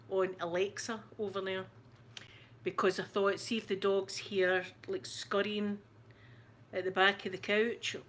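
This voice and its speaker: Chatting and rambling on her live stream, this ASMR host from Scotland laughs a lot with her viewers. She speaks at a medium pitch with a slightly bright tone, and there's slight background noise.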